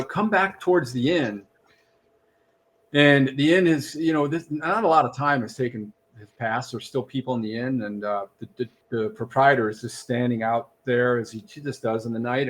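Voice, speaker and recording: A man's voice: medium pitch, normal speed. A man narrating a tabletop game as game master, with a rambling manner full of restarts. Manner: rambling, many restarts and fillers.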